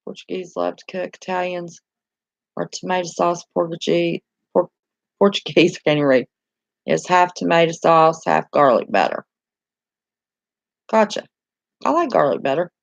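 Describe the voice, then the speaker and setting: A woman's voice: fairly low pitch, expressive, normal speed, creaky, pauses often, no echo, muffled recording. A woman with a Southern American accent chatting casually on a live stream, reading and answering viewer comments in a homey, talkative way and laughing easily. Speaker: channel host reading live chat.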